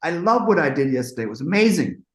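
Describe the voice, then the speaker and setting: A woman's voice: deep voice, very animated, fast talker, echoey room. A man imitating a famous woman singer who gushes affectionately and keeps calling people honey. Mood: gushing. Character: famous woman singer, a breezy, confident diva.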